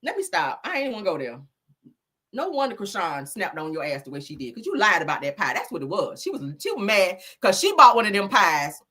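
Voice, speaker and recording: A woman's voice: mid-range voice, bright, forceful tone, breathy edge. A woman hosting a gossip commentary show in a sassy, profane, laughing manner, often mimicking people.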